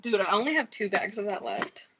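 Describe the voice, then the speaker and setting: A woman's voice: mid-range voice, big pitch swings, a little fast, a bit bright, a little hiss or hum. A woman chatting casually on a live stream while crafting, rambling, swearing freely and muttering counts under her breath. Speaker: livestreaming crafter. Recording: dull lo-fi stream audio.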